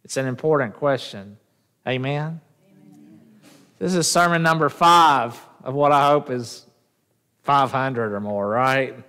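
A man's voice: medium pitch, unhurried, long pauses, pushed and bright. A man preaching a sermon as pastor, often asking the congregation questions and drawing them in. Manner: call-and-response, asks the congregation questions. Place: church sanctuary. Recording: echoey church hall.

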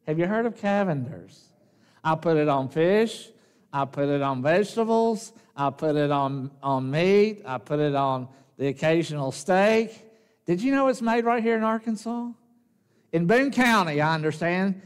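A slightly higher-voiced man with a Southern US twang delivers a sermon in a folksy, chatty manner. He tosses in joking asides, then slows down to stress key phrases. The sound rings with the long reverb of a church sanctuary. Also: clean tone. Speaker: pastor.

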